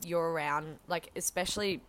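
A woman hosting a casual podcast chat, reacting with quick, supportive interjections and blunt comments. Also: sits low, steady tone, a bit bright, slight background noise.

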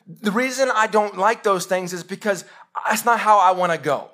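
A man's voice: high-pitched, moderate pace. A man, preaching a live sermon and telling stories directly to his congregation. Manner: animated storytelling, addresses congregation directly. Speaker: pastor. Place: church sanctuary.

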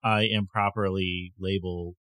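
Man, podcast co-host, casual chat, sarcastic jokes, lowish voice, dry recording. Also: flat delivery, measured pace, pushed and bright, dry recording. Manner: joking, sarcastic asides.

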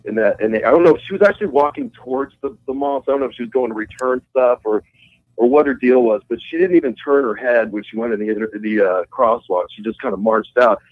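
A man's voice: mid-range voice, fast, no echo. Rambling man telling a story over a muffled line. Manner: rambling, swears freely, laughs through the story. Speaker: guitarist calling in as guest. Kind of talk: casual storytelling over the phone. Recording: muffled call-in phone line.

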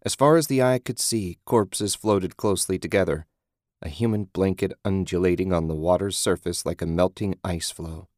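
A low-pitched man narrating a horror story in a measured, grim manner. The read is close and completely dry, with no trace of a room. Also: darkish tone, no room sound. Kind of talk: scripted horror audiobook narration.

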